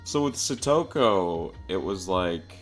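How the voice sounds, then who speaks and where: A young man chatting casually while streaming a game, rambling and often breaking into high-pitched laughter. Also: lively intonation, slow, soft background music. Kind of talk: casual livestream gaming chat.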